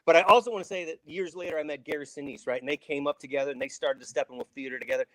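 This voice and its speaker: A man's voice: fairly high pitch, steady tone, very fast, crowd noise, low-quality recording. A middle-aged man from Saint Louis, an actor guest telling rambling stories with many restarts and acted-out quotes. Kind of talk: casual storytelling.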